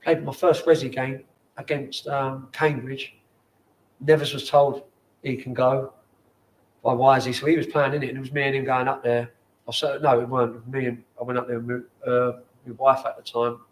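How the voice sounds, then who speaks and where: A man in his forties with a London accent, a former footballer telling stories in casual chat in a bar, animated and swearing often. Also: mid-range voice, normal speed. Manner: animated, swears often, acts out quoted people. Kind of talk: casual storytelling.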